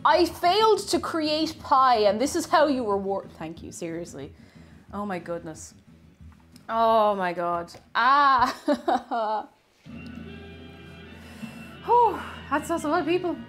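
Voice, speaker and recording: A woman hosting a casual livestream, chatting excitably and thanking her viewers. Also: a little high, takes it slowly, pauses often, soft background music. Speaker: livestream host.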